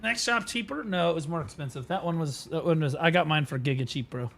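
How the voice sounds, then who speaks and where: A man's voice: fairly high pitch, fast talker, creaky, fairly bright tone, soft background music. A young man streaming, telling a story to his viewers in a casual, profane way full of fillers.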